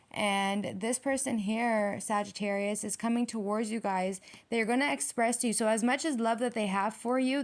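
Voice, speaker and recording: A woman giving a tarot reading straight to her viewers, blunt and heated, swearing freely. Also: a little high. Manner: addresses viewers directly. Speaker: tarot reader.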